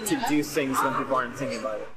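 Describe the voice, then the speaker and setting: A speaker in a played documentary clip, giving calm commentary. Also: mid-range voice, very fast, over a noisy crowd. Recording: echoey clip under loud music.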